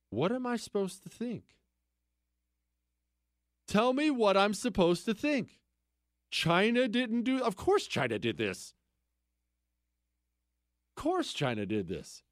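A man's voice: no room sound, clean studio sound. A man hosting a political talk radio show, delivering a sarcastic monologue full of mocking repetition and incredulous outbursts. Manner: animated, swings into incredulous high outbursts.

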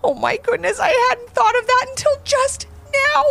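A woman's voice: extremely high pitch, lively intonation, normal speed, gravelly, fairly bright tone, pitched above the performer's own voice, full character voice. A woman voicing a young boy in a storybook, talking in an eager, hesitant way. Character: young boy, big brother, thoughtful and a bit glum.

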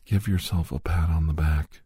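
Breathy half-whispering man. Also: very deep voice, steady tone, normal speed, no echo, studio quality. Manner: soft, repetitive, earnest self-talk. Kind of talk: spoken self-affirmations.

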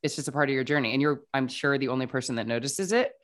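This podcast guest has a bass voice and a rapid-fire delivery. She tells her own story casually and chattily, using "like" constantly and acting out what people said.

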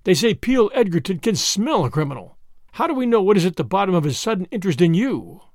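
Brief: man playing an agitated, suspicious plotter for a storybook reading, lively swings, dry close sound. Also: sits high, fast, no room sound. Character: excitable, menacing male conspirator.

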